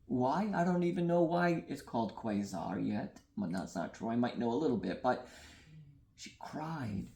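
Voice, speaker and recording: A man's voice: mid-range voice, expressive, normal speed, gravelly, dark tone, roomy sound. A male artist talking in an interview, earnest and dreamy, often repeating phrases and laughing at himself. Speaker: artist guest. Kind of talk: reflective interview talk. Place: gallery.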